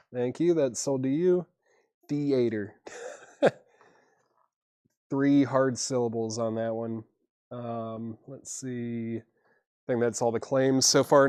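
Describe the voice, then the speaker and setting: A relaxed man hosts a live record sale from a shop, calling out albums, prices and buyers in an easygoing way. His voice sits at an ordinary middle pitch. The sound is dry, with no room echo. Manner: easygoing, reads prices and buyer names, chuckles at himself. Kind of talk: casual live-stream selling.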